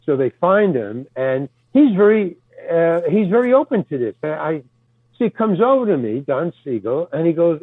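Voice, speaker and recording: Older man rambling with lively, stammering delivery. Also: a little high, moderate pace, no room sound. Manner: stammering restarts, casual swearing. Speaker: guest actor telling stories. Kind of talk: rambling anecdotal storytelling. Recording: tinny phone-like dry sound.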